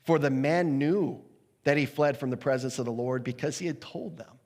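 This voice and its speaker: A man preaching a sermon as pastor, lively and conversational, briefly acting out the voices of the characters in his story. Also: mid-range voice, normal speed. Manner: animated, acts out the sailors' voices with laughs. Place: church sanctuary. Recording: long hall reverb.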